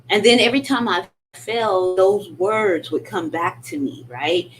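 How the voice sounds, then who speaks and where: A woman's voice: medium pitch, measured pace, slight background noise. A middle-aged woman giving a candid, emphatic motivational talk. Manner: candid, emphatic, animated in quoted retorts. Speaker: motivational speaker.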